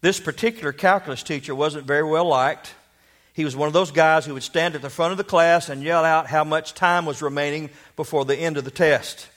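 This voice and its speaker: A man's voice: fairly high pitch, fairly even intonation, brisk, a bit bright. A man preaching a sermon, telling a story and asking rhetorical questions.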